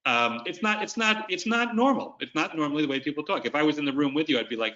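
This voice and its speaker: Webinar presenter, man, bright and forceful tone, coaching style, dull lo-fi video-call sound. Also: on the high side, lively intonation, fast talker. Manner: coaching, explains with demonstrations. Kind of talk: instructional webinar talk.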